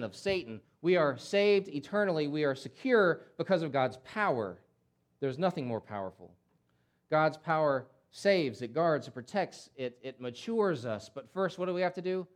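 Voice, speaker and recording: A man preaching a sermon, emphatic and repetitive, with rhetorical questions and swings between loud surges and near-hushed lines. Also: lively intonation, brisk. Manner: impassioned, surges loud and high, then drops to near-hush. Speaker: pastor.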